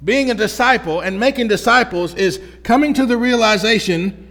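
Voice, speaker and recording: Man, high-pitched voice, lively sermon, conversational preaching, long hall reverb. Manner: energetic, conversational preaching with repeated restarts. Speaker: pastor.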